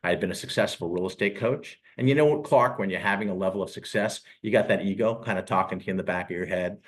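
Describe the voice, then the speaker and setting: Man in his 60s with a low voice, recruiter pitching on a call, sincere and personal. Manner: earnest, personal storytelling with emotional pauses. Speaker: real estate recruiter. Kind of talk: sales presentation on a live call.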